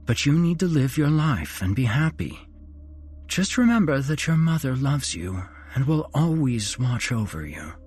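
A man voicing a loving departed mother in a horror story, speaking softly and tenderly. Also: fairly high pitch, expressive, very slow, pauses often, slight background noise, voice pushed up. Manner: soft, tender, tearful.

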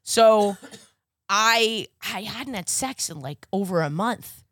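A woman co-hosting a podcast, tossing in quick, wry remarks during a casual chat. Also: mid-range voice, expressive, a bit bright. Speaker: podcast co-host.

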